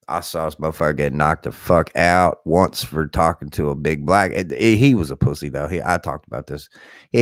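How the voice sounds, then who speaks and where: A man in his thirties, a bit hoarse, telling rambling stories on his live stream in a blunt, profane, animated way. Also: very deep voice, dry recording, clean studio sound. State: slightly hoarse. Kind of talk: rambling casual storytelling.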